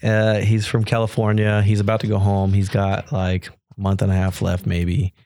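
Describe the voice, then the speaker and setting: A man's voice: fairly low pitch, normal speed, no room sound, studio quality. A man as a podcast guest, telling a personal story in casual talk and acting out the voices of people he quotes. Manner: animated, acts out quoted dialogue.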